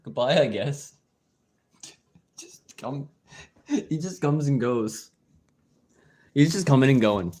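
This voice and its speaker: A man's voice: mid-range voice, lively intonation, measured pace, long pauses, a little mellow. Rambling, swearing male streamer. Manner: rambling, swears, many fillers and restarts. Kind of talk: casual stream chat. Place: at home indoors.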